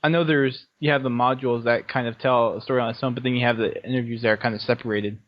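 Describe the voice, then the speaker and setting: A man's voice: medium pitch, fairly even intonation, fast talker. A man hosting a podcast interview, asking casual questions and chiming in with short replies. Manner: short prompts and backchannels, laughs along. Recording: dull lo-fi podcast audio.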